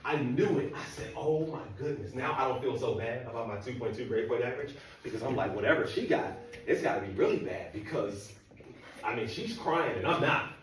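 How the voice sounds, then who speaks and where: A man's voice: mid-range voice, lively intonation, a little fast, a little hiss or hum. A man telling a funny, self-mocking story to an audience and talking to the crowd directly. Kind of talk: humorous storytelling talk. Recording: echoey hall from far off.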